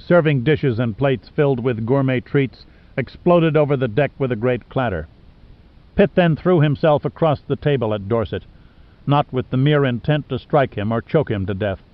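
A man reading an audiobook in steady scripted narration. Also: medium pitch, no echo, highs cut off.

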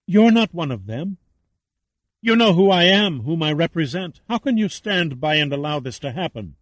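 A man's voice: medium pitch, lively intonation, moderate pace, dry recording, close to an everyday voice. A man voicing a desperate, defiant female captive. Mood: pleading. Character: woman captive, pleading and defiant.

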